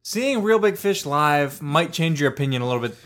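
A young man from Pittsburgh co-hosting a podcast, chatting casually and joking with a relaxed, laughing manner. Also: a little high, a little fast. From Pittsburgh, USA. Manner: jokey, laughs often, relaxed banter. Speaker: podcast co-host. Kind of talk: casual chat.

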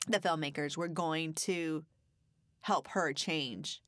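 Brief: woman podcast co-host, chatty storyteller, lower voice, dry recording. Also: slow, a bit bright, no echo. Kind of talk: casual chat.

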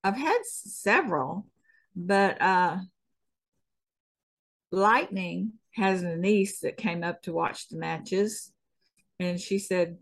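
A woman's voice: on the low side, expressive. A middle-aged woman with a Southern US accent, a stunt woman chatting as a guest in an easygoing, folksy way with frequent chuckles. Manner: unhurried, folksy, chuckles often. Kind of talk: casual interview chat.

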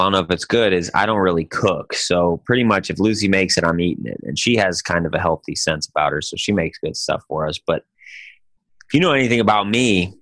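A man co-hosting a podcast in casual chat, an animated, joking storyteller who keeps saying "dude". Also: low voice, dry recording. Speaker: podcast co-host.

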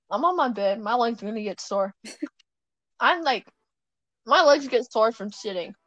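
A woman's voice: a little high, lively intonation, measured pace, fairly bright tone, no room sound, muffled recording. A young woman chatting casually at home as a podcast co-host, rambling, giggling and correcting herself as she goes. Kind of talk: casual chat. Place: at home on her bed.

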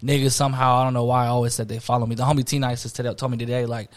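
A young man, talking in a relaxed way with lots of slang and fillers. His voice sits at a middle pitch, and he tells his story loosely and casually. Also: racing. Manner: laid-back, heavy slang, many fillers. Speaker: podcast host.

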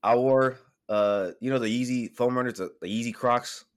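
A man co-hosting a podcast, telling a story in casual chat, animated and swearing freely, getting over a cold. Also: mid-range voice, moderate pace, clean tone. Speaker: podcast co-host.

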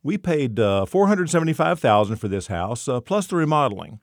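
A man's voice: mid-range voice, big pitch swings, fairly quick, no room sound, clean studio sound, pitched above the performer's own voice. A man reading the lines of a scheming bartender in his forties, conspiratorial and hesitant.

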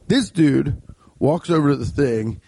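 Casting: husky young male comedian, lively pitch, rambling and profane. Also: unhurried. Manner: profane, animated, loose and rambling. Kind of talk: casual comic storytelling.

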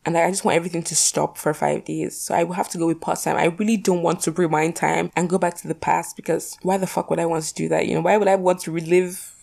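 A young woman talks casually to her camera, working through poll questions in a rambling, filler-heavy way with the odd swear word. Her voice sits a little low, with a mellow, darker tone and plenty of gravelly fry. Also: level tone, fast, few pauses. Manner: chatty, rambling, lots of "like" and "you know", swears casually. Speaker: vlogger.

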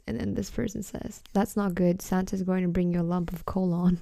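A teenage girl talks through a casual solo podcast, giggling and swearing freely as she reads messages aloud. Her voice sits low and carries plenty of vocal fry, with a warm, mellow tone. The sound is close and dry. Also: little pitch movement, measured pace, no echo. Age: teens. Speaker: podcast host.

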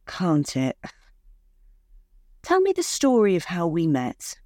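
A woman's voice: fairly low pitch, wildly swooping pitch, takes it slowly, mellow, no room sound, studio quality, full character voice. A woman voicing a curt, contemptuous young man in a story reading. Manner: curt and dismissive.

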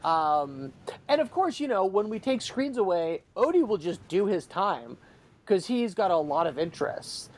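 A man in his forties, casually telling a story about his kids and acting out their shouting. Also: high-pitched, normal speed. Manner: animated, acts out shouting kids. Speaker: parent telling a family story.

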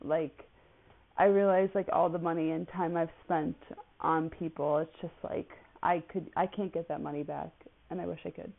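A woman's voice: sits low, fairly even intonation, normal speed, vocal fry. A woman in her twenties, a podcast host, chatting casually and rambling with lots of fillers. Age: 20s. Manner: rambling, chatty, with many fillers and frequent laughs. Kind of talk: casual solo podcast chat. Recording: tinny phone-like audio.

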